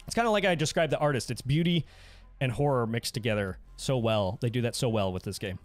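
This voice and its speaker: A fast-talking man with a medium-pitched voice hosts a laid-back livestream; the recording is dry, with faint music behind him. Animated and silly, he reads viewers' messages aloud and often breaks into laughter.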